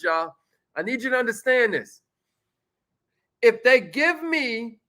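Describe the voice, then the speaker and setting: A man teaching sales follow-up in a casual, energetic, slangy manner, talking straight to his viewers. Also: very high-pitched. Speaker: sales coach. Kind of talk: motivational teaching talk.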